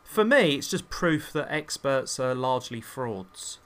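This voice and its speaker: A man's voice: mid-range voice, very animated, a little slow, a bit bright. A man, a hairdresser co-hosting a podcast, ranting in an opinionated, scornful way. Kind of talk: casual chat.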